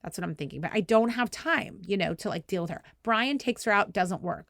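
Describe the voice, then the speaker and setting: A thirty-something woman hosts a podcast in a fairly quick, gravelly voice, recorded cleanly in a studio with no echo. She tells her story casually and animatedly, peppering it with "like," laughing a lot, and voicing quotes playfully in a higher register.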